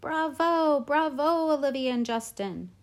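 A woman's voice: a little high, expressive, measured pace, darkish tone. A woman reading as an effusive, theatrical drama teacher. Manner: theatrical, beaming.

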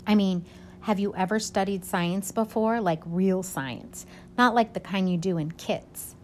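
A woman's voice: medium pitch, measured pace, a little hiss or hum, natural voice. A woman voicing a rude schoolboy who talks in a sarcastic, needling way.

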